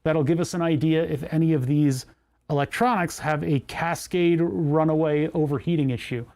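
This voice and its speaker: Dude rambling on his stream while fixing stuff, kinda high voice, keeps roasting himself. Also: fairly even intonation, normal speed, darkish tone. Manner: rambling, self-mocking, thinking aloud. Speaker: livestream host. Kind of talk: casual livestream chat while repairing electronics.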